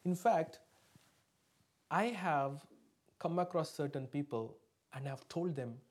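Emphatic preaching man, slightly high voice. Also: takes it slowly, a little mellow. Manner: emphatic, often asks the congregation for replies. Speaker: pastor. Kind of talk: sermon to a live congregation.

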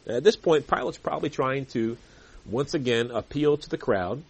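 Earnest preacher man, husky voice. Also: lively intonation, fairly quick, no echo. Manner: earnest, rises in pitch and volume when emphatic. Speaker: pastor. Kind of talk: sermon with scripture reading.

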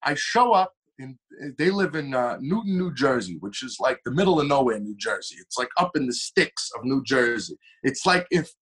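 A young man, a singer telling stories as a podcast guest in a lively, animated way. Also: moderate pace, hardly any pauses, slightly rough. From Long Island, New York. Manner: animated storyteller with shifting pitch and pace. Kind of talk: casual storytelling interview.

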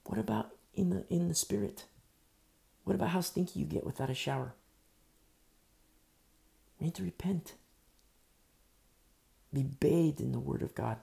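A man preaching a sermon as pastor, emphatic and repetitive, swinging between loud bursts and hushed asides. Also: mid-range voice, animated, brisk, creaky. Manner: repetitive, with frequent fillers.

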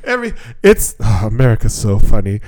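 A man's voice: on the low side, huge pitch swings, fairly quick, a little mellow, no room sound. Profane ranting podcast man. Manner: profane, ranting, laughs often. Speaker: podcast co-host. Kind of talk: casual chat.

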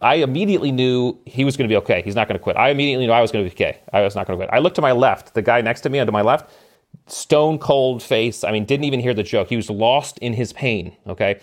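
A middle-aged man telling an animated story as a podcast guest, with emphatic delivery and ready laughter. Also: medium pitch, quick pace. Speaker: podcast guest, former special operations member. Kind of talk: storytelling in casual conversation.

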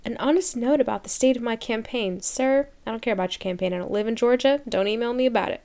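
A woman's voice: fairly high pitch, fast, dark tone. A young woman in her twenties hosting a podcast, ranting in a casual, sarcastic, exasperated way and breaking into laughter. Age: 20s. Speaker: podcast host. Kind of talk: casual comedic rant.

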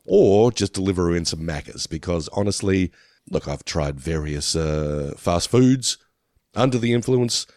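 A man co-hosting a podcast, relaxed and jokey in casual rambling chat. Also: deep voice, a little slow, no echo, studio quality. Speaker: podcast co-host.

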